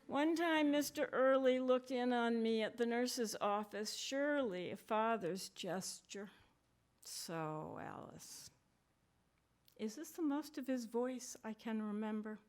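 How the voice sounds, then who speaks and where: A woman author reading her literary fiction aloud in a measured, deliberate way, with brief asides to the audience. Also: fairly high pitch, expressive. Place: conference reading.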